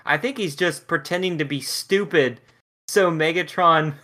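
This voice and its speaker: A man's voice: on the high side, normal speed, bright, forceful tone. A man co-hosting a casual book discussion, wry and incredulous, laughing often. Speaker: podcast co-host. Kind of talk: casual book review chat.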